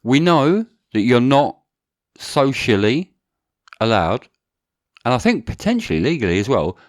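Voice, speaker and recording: A man's voice: medium pitch, big pitch swings, measured pace. A man co-hosting a podcast, chatting casually and animatedly, slangy and prone to restarts. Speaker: podcast co-host.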